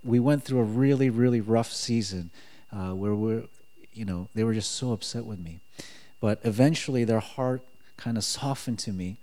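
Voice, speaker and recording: A man giving a personal faith testimony in casual storytelling style, animated and acting out quoted dialogue. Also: fairly low pitch, normal speed. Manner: animated, acts out quotes, frequent "like" fillers.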